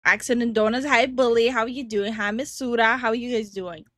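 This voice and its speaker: A woman's voice: fairly high pitch, fairly even intonation, normal speed, a bit bright, dry recording, clean studio sound. A young woman chatting casually on a stream, giggly and teasing. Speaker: streamer and co-host.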